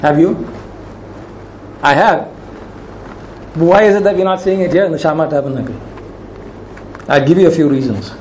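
A man with a high voice preaches a sermon in a church sanctuary, leaning hard on each quoted command and stretching it out. The room rings with echo, and a faint hiss sits under his voice. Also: a little mellow. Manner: emphatic preaching, slows and rises on commands. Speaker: pastor.

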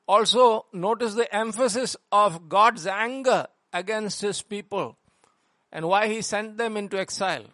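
A man leading a prayer and preaching a sermon, reading scripture slowly and rising in force on the quoted verses. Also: high-pitched, bright, forceful tone, dry recording, clean studio sound. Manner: measured, slows and lifts voice on scripture quotes. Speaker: pastor.

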